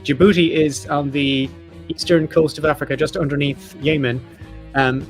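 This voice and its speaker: A man hosting a podcast, reading off facts and lists in a casual chat with jokey asides. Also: on the high side. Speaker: podcast host.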